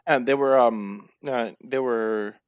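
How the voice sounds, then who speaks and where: A man's voice: mid-range voice, steady tone, takes it slowly, clean tone, dry recording, dull audio. A man with a mid-range voice chats about wrestling in a dry, close recording with no room sound. He often stalls on ums and uhs as he works out what he wants to say. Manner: hesitant, with many ums and uhs. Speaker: wrestling podcast co-host. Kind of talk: casual chat about a wrestling match.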